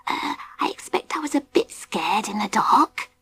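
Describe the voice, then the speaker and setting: A woman voicing a small, timid young boy beaver who speaks in a high, childlike, sheepish way. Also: moderate pace. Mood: whispering.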